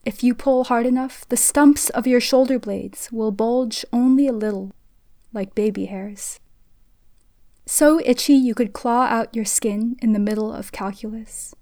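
A woman reading a literary short story aloud in a soft, hushed voice that sometimes drops to a whisper. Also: a little high, unhurried, dry recording. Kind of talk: literary reading in second person.

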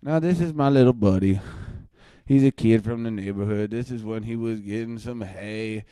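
A man's voice: lowish voice, normal speed, clear, resonant tone, no echo. Bombastic ranting man, dry sound. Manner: bombastic, erratic swings from muttering to shouting. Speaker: mock livestream ranter. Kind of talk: satirical ranting webcast.

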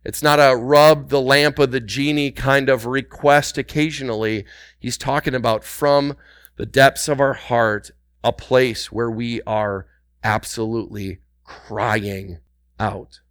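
A man preaching a sermon, swinging between hushed, intimate passages and loud, urgent exhortation, repeating words for emphasis and calling on the congregation. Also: mid-range voice, steady tone, slow, clean tone, dry recording, clean studio sound. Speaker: pastor.

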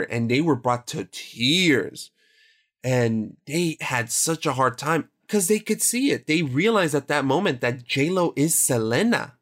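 A man's voice: medium pitch, lively intonation, measured pace. A man co-hosts a casual podcast about a film, with an ordinary, mid-range voice. He talks in long, rambling stretches, stressing his points and often correcting himself. The talk is loose and conversational. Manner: rambling, self-correcting, emphatic. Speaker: podcast co-host.

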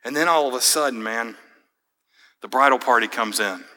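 Bright-voiced young preacher, hall reverb. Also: male voice, medium pitch, normal speed. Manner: casual, storytelling, fillers like man and dude. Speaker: pastor. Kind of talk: sermon with personal story.

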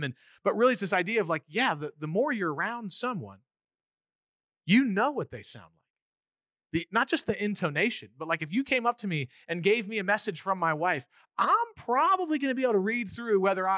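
A male pastor preaching a conversational sermon, animated and acting out little voices as he goes. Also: high-pitched, fast talker, no echo, studio quality.

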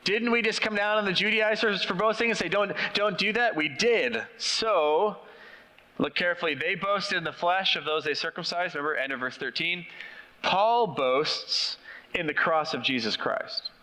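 A man's voice: high-pitched, moderate pace, bright, forceful tone. A middle-aged man preaching a sermon as pastor, conversational and questioning his congregation. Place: church. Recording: long reverb of a church hall.

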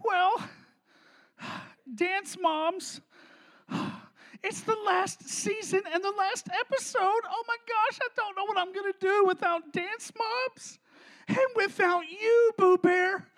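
A needy young woman, weepy and melodramatic, her voice climbing high and cracking with sobs, as a man acts her out. She clings and wails, overdoing every word. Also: slow, fairly bright tone, heavily acted. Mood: sobbing. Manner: whiny, sobbing, melodramatic.

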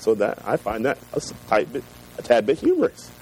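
A man's voice: medium pitch, husky, low-quality recording. Laid-back man preaching a sermon. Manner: relaxed storytelling, reads scripture slowly. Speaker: pastor. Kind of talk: sermon with personal stories.

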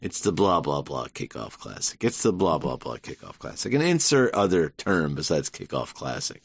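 Wry male podcast host, rambling and amused, low voice, dull dry recording. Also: very animated, moderate pace, creaky, slightly rough, no room sound. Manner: rambling, wry, laughs often. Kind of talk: casual monologue.

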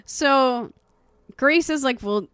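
A woman's voice: takes it slowly, clear, resonant tone, no room sound, studio quality. A woman in casual chat recapping a TV episode, acting out the characters' lines with big leaps in her voice. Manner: animated, acts out characters' lines with big jumps in pitch. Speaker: co-host recapping a show.

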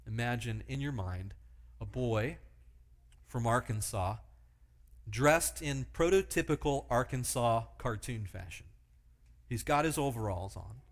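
A man's voice: medium pitch, animated, measured pace, long pauses. A man preaching a sermon, telling vivid illustrative stories and asking the listeners rhetorical questions.

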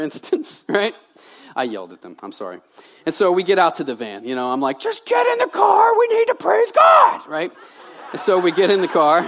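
A man in his thirties, a pastor from Louisiana, preaching a sermon in a conversational way, shifting between loud emphasis and quiet asides. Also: mid-range voice.

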